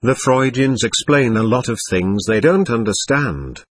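A man's voice: mid-range voice, expressive, measured pace, slightly rough, no room sound. A man voicing an authoritative occult physician in an audiobook, speaking in a clipped, commanding, lecturing way. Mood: stern. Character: authoritative male occult physician, brisk and stern. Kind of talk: audiobook character reading.

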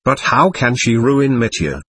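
A man reading a timid, grieved young man pleading with his brother, in a husky voice. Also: medium pitch, very animated, measured pace, fairly bright tone, dry recording, exaggerated voice.

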